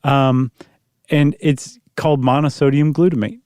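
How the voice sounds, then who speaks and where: A man's voice: medium pitch, steady tone, measured pace, darkish tone, smooth, no echo. A man co-hosting a podcast in casual chat, joking and laughing often. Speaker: podcast co-host.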